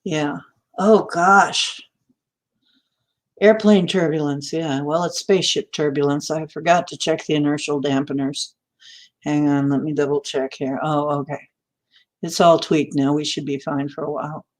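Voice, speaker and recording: A woman's voice: low-pitched, fairly even intonation, unhurried. A woman hosting a livestream, chatting casually with viewers, laughing often and greeting them by name. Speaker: livestream host. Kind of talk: casual chat with live viewers.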